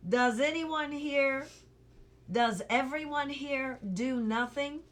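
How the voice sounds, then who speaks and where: A woman's voice: high voice, slow, fairly bright tone, voice pushed up. A woman voicing a young boy who asks polite, puzzled questions in a storybook reading. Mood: curious.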